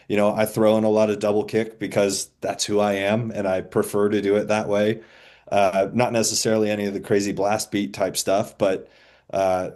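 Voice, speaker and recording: A man in his forties, a band's drummer, talking in a relaxed, rambling, self-deprecating way as a podcast guest. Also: on the low side. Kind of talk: casual podcast chat.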